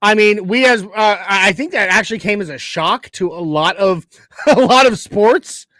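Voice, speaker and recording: Guy cohost on a fan sports show, fairly high pitched, talks emphatic and rambly. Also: normal speed, sharp tone, no echo. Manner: emphatic, chatty, lots of restarts. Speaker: co-host reading chat. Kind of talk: casual sports talk.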